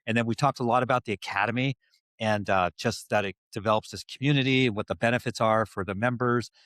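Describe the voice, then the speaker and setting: A man's voice: mid-range voice, fairly even intonation, fast talker, a bit bright, dry recording, clean studio sound. A man hosting a podcast, asking rambling questions and summing up the talk with frequent restarts. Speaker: podcast host. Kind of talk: casual podcast interview.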